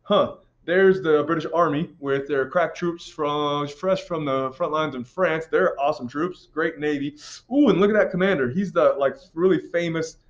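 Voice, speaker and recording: A man's voice: on the high side, moderate pace, close to an everyday voice. A man voicing a tough frontier general sizing up an enemy force, wry and mock-worried, on a dull lo-fi recording.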